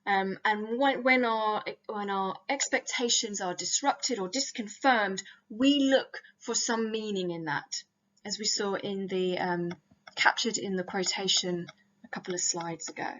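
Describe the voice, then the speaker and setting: A woman's voice: mid-range voice, a little slow, fairly bright tone, dull audio. A woman lecturing over slides in a careful, explanatory academic talk with small restarts.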